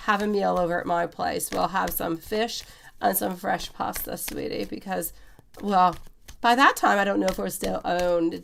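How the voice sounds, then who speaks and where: A woman's voice: medium pitch, gravelly, slight background noise. A woman, chatting on a live-stream tarot reading and calling her viewers sweetie. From Quebec, Canada. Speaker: tarot reader.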